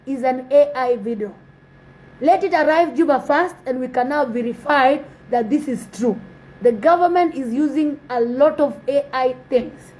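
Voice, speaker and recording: A woman's voice: high-pitched, a little mellow, poor audio. A woman giving earnest, repetitive commentary that urges her listeners. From South Sudan. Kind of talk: impassioned commentary.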